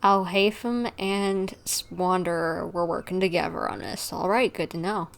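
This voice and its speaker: Gravelly-voiced woman streamer. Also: on the low side. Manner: casual, quick asides. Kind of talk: casual let's-play commentary.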